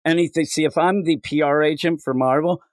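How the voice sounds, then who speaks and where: A man's voice: fairly high pitch, steady tone, fairly quick, no echo, studio quality. A man hosting a comics podcast, riffing jokily and putting on silly voices. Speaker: podcast host. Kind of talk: casual comedic chat.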